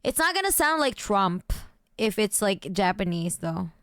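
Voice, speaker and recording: A woman's voice: mid-range voice, sing-song, unhurried, fairly bright tone, clear, resonant tone, dry recording, clean studio sound. A woman streamer chatting casually, reacting to news and her chat with giggles and mock outrage.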